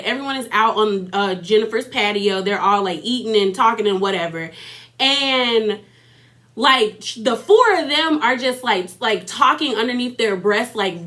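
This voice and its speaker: A woman's voice: a little high, sharp tone. A woman recapping a reality TV episode in a sassy, chatty way, laughing often and throwing in mocking asides. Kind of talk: casual recap commentary.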